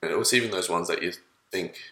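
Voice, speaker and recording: A man's voice: deep voice, quick pace, pushed and bright, reverberant, slight background noise, low-quality recording. A man, thinking aloud in a casual chat with restarts. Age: 30s. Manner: thoughtful, rambling with restarts.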